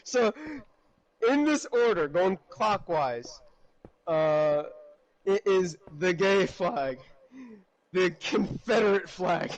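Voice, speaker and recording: Man with a high voice, casual and animated chat, laughs a lot. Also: takes it slowly, long pauses, highs cut off. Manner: animated storytelling with frequent laughs.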